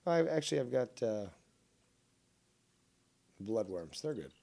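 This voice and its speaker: A man's voice: medium pitch, very animated, unhurried, gravelly, mellow, slight background noise. A man chatting casually on a live stream while playing a fishing game, rambling, sarcastic and profane.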